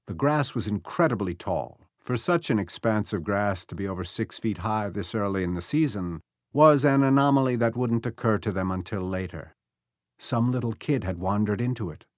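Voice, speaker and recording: Expressive male audiobook narrator, dry studio sound. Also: fairly low pitch, no room sound. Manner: measured, expressive storytelling. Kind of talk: scripted narration. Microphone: close studio mic.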